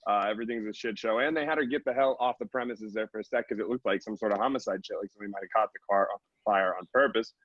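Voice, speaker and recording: A man's voice: fairly low pitch, racing, hardly any pauses, a bit bright, no echo, muffled recording. A man co-hosting a comedy podcast, recapping a story loosely and with swearing, over a video call. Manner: loose, profane. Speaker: co-host. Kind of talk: casual recap.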